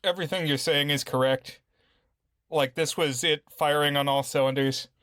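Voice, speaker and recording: A man's voice: a little high, fairly even intonation, normal speed, a bit bright, smooth, no room sound, studio quality. A man co-hosting a podcast, casually discussing a movie in an easygoing way, often laughing as he talks. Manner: easygoing, laughs while talking. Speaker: podcast co-host.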